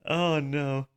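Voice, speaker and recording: During a raid, a gamer streams live commentary, swearing often, laughing and exclaiming in dismay. His voice is on the high side with a clean tone.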